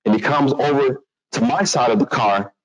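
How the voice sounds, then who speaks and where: A man telling a personal story to an audience in a lively, animated way. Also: mid-range voice, normal speed, lo-fi sound. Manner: animated, acts out other voices, restarts a lot.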